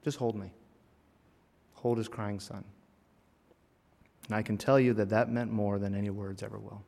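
A man preaching a personal sermon in a church, earnest, rising to emphatic lines and dropping to hushed, heavy phrases. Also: fairly low pitch, steady tone, normal speed, gravelly. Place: church sanctuary. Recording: long reverb of a church hall.

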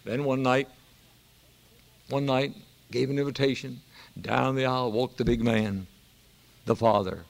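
A man's voice: mid-range voice, fairly even intonation, a little slow, creaky, long pauses. An older man, preaching a sermon and telling stories with emphatic exhortation. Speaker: pastor.

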